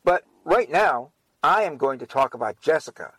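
A man co-hosting a podcast, acting in a short comic skit with a lively, reassuring manner. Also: fairly high pitch, moderate pace, breathy edge, dry recording, rough recording. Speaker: podcast co-host.

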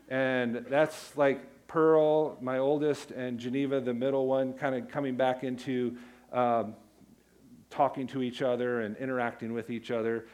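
Middle-aged male pastor, casual storytelling sermon with emphatic peaks, mid-pitched voice. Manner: storytelling, conversational with emphatic declarations.

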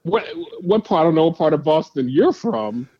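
A man co-hosting a casual sports podcast, reacting bluntly and quickly and laughing often. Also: fairly high pitch, sing-song, dull audio, noisy background. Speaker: podcast co-host.

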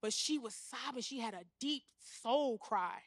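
A young woman preaching a sermon, animated, often acting out the voices she quotes. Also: fairly high pitch, unhurried, no echo, studio quality. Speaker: guest speaker.

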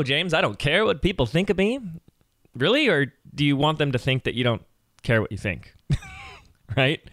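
A man in his thirties hosting a solo podcast, talking in an energetic, conversational coaching manner. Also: fairly low pitch, no echo, studio quality. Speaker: podcast host.

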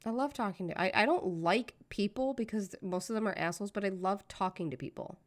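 A woman's voice: mid-range voice, a little fast. An American woman co-hosting a podcast over a remote call, speaking in outspoken casual chat and swearing freely. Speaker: podcast co-host. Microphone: remote call, connection drops.

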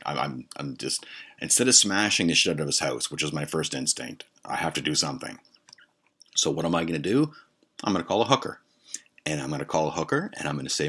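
A man's voice: very deep voice, fast talker, a bit bright, husky. A man hosting a podcast, telling a profane, heated comic story. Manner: heavily profane, heated retelling. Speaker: podcast host.

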